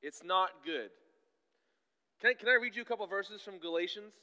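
Pastor, man in his thirties, sharp bright voice, clear and crisp, conversational sermon with emphatic bursts. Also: high-pitched, lively intonation, moderate pace, big-room sound.

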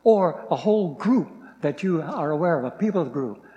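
A man preaching a sermon, reading scripture slowly and stressing key words. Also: a little high, lively intonation, mellow, in a large hall, muffled recording.

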